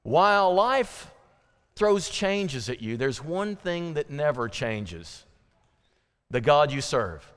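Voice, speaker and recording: In a church sanctuary, a pastor addresses his flock with emphatic, repeated key phrases, folksy asides and pointed questions, slowing for emphasis. His voice is on the high side, sing-song, a bit bright and clean in tone. The hall gives it a long reverb.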